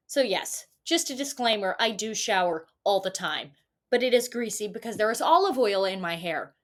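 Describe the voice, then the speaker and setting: Higher-voiced woman ranting sarcastically. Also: a bit bright. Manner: profane, sarcastic, self-mocking. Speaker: vlogger. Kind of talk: casual storytime rant.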